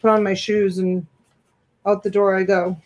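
A woman's voice: mid-range voice, little pitch movement, moderate pace, darkish tone. A woman co-hosting a live online sale, talking in an easygoing, offhand way and thanking viewers. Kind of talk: casual conversation.

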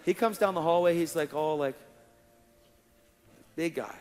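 A male preacher telling a testimony story in an animated way, acting out the dialogue and laughing along, in a large hall. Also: on the high side, measured pace. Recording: long hall reverb, faint music.

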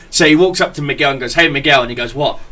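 A man hosting a casual podcast, telling crude work stories with loud laughter and stammering restarts. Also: medium pitch, fast talker, very noisy. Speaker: podcast host. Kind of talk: casual chat, storytelling.

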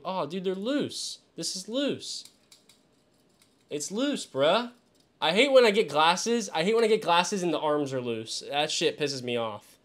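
A young man chatting casually on a live stream, slangy and rambling, with sudden excitable bursts. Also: on the high side. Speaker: fantasy football streamer. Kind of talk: casual livestream chat.

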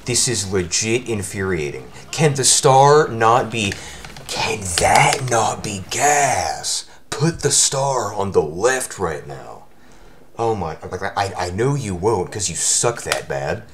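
A man giving live commentary over his own speedrun, his voice worn from shouting, talking at the game in exasperated outbursts. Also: on the low side, lively intonation, slow pace, background noise.

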